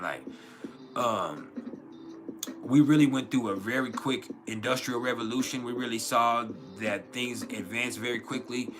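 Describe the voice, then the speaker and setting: A man hosting an astrology livestream in a loose, rambling, profane way, full of fillers and restarts. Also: mid-range voice. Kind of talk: casual livestream chat.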